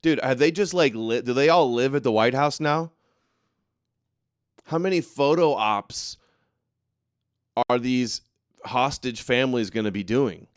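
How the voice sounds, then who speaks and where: Sarcastic livestream host guy ranting, smooth clear voice, dry close sound. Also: mid-range voice, a little slow, long pauses, no echo. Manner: sarcastic, mocking, reads chat comments aloud; heated, indignant ranting. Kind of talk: casual political commentary livestream.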